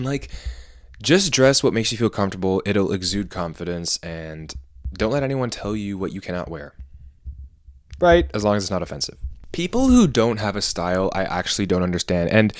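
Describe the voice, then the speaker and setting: A man's voice: fairly low pitch, no echo, clean studio sound. A man vlogging casually about fashion, chatty and opinionated, rambling with self-corrections. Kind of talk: casual talking-head vlog.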